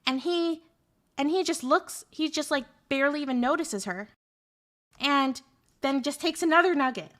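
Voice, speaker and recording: High-voiced woman telling a rambling story. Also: moderate pace. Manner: animated, rambling, many fillers. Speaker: streamer. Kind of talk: casual storytelling.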